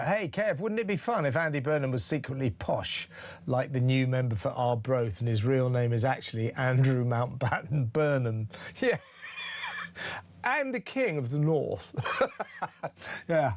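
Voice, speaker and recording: Animated male talk radio host. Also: on the high side. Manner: chatty, joking, animated, quick interjections. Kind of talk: phone-in talk radio chat. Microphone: studio microphone.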